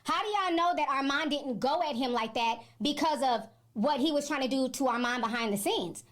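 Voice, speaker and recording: A woman host giving her opinion in a measured, persuasive commentary. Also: sits high.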